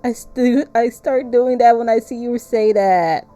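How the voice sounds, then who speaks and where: A woman streaming a game live, chatting playfully with her viewers, laughing often and reading the game's narration aloud in a softer voice. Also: a little high, unhurried, soft background music.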